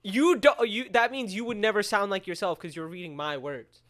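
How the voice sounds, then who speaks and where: A man's voice: high-pitched, a little fast, fairly bright tone. A young man co-hosting a podcast, teasing and laughing through casual banter. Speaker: podcast co-host and scriptwriter. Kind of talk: casual chat.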